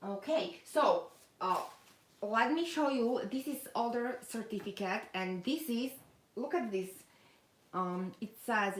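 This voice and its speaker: Her voice runs a little high and expressive, and she speaks a bit slowly. She's a chatty doll collector on a live stream, unboxing in an echoey room, filling the talk with fillers as she reads out viewer comments.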